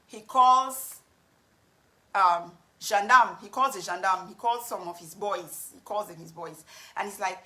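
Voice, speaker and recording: A woman's voice: medium pitch, measured pace, pushed and bright. A woman telling a personal story to camera, earnest and frank. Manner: earnest, frank, with some restarts. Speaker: vlogger.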